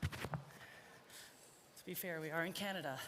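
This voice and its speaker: A woman's voice: on the low side, slow, fairly bright tone, big-room sound, a little hiss or hum. A woman horse trainer on a body mic, chatting to her colt and the crowd while riding, a bit out of breath. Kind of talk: live clinic demonstration while riding. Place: indoor arena at a horse expo. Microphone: wireless body mic.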